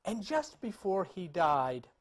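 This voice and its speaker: A man's voice: high-pitched, sing-song, slow. A man retelling a myth in a loose, chatty way while pointing to paintings, with frequent restarts and small laughs. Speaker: speaker telling a myth about paintings. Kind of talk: casual storytelling talk.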